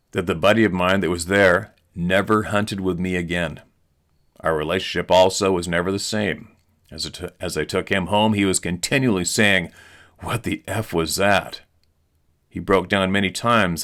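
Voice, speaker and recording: A male host reading a listener's eyewitness letter aloud in an earnest, steady storytelling manner. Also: low voice.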